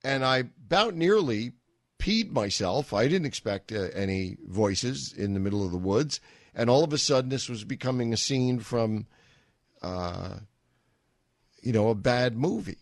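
A man's voice: medium pitch, lively intonation, unhurried, no room sound. A middle-aged man hosting a talk radio show, telling a rambling story with wry asides into a studio microphone.

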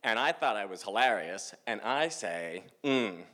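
A man's voice: lowish voice, normal speed. A man in his forties from Massachusetts, telling a self-mocking story live on a theater stage. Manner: animated, self-mocking, acts out dialogue.

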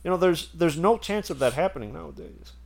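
A man's voice: fairly high pitch, lively intonation, fairly quick, creaky, a little mellow, slight background noise. A man telling a story in casual chat, rambling and laughing as he goes.

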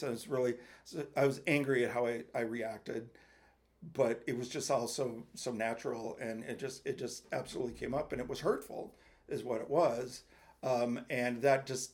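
A man co-hosting a podcast, telling a personal story in a halting, rambling way with lots of restarts. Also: mid-range voice, a little mellow. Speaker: podcast co-host. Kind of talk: casual chat, personal story.

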